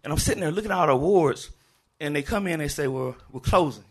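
A man who is a teacher, telling a personal story live on stage, animated, laughing often and shouting to the crowd. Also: on the high side, quick pace, breathy edge. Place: live event venue in Memphis.

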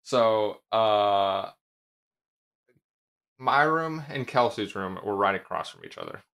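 A young man of eighteen telling a story in a hesitant, halting way on a casual podcast. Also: on the low side, huge pitch swings, vocal fry, a bit bright. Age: young adult. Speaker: podcast guest. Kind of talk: casual chat.

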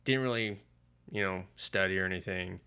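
A man's voice: low voice, normal speed, bright, forceful tone, clear, resonant tone. A man co-hosting a podcast, chatting casually and retelling a comic's plot in a rambling, profane way full of filler words. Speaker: podcast co-host. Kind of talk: casual chat reviewing comics.

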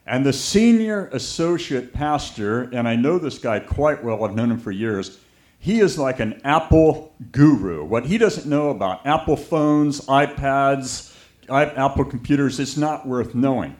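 A man preaching a sermon, telling a story with lively anecdotes and acting out the voices of people he quotes. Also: medium pitch, unhurried.

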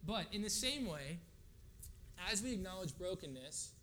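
A man's voice: high voice, very animated, normal speed, sharp tone, a little hiss or hum. A man preaching a sermon in a casual, conversational way, often checking in with the audience. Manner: casual, conversational, frequent "right?" asides.

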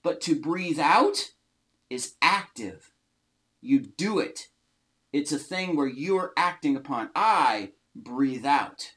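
A man teaching an informal Bible study, explaining words slowly and stressing single words. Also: fairly high pitch, expressive, fairly bright tone. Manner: slow, emphatic, often stressing single words.

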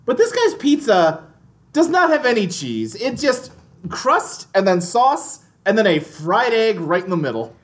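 Animated woman chatting, laughing often. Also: medium pitch, measured pace. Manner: rambling, self-deprecating, laughing often. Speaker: podcast co-host. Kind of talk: casual chat.

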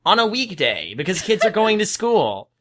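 Bright-voiced guy rambling excitedly about a movie, lots of restarts. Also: high voice, moderate pace. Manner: rambling, animated, with frequent restarts. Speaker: podcast co-host. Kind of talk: casual film discussion.

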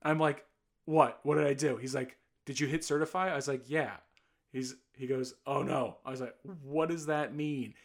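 A man's voice: medium pitch, steady tone, normal speed, vocal fry. A young man casually telling a long, exasperated anecdote, acting out the people he quotes. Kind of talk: casual storytelling.

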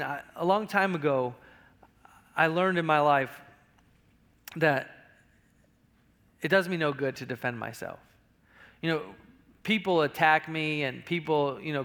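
A man's voice: fairly high pitch, a bit bright. A middle-aged male pastor preaching a sermon in a conversational way, often repeating words as he talks. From United States.

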